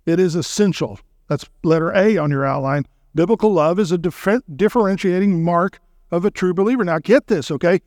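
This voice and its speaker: A guest preacher delivers an emphatic sermon, frequently checking in with his listeners and slowing down to recite lines from hymns and scripture. His voice is high-pitched and slightly mellow, in a dry, clean studio recording.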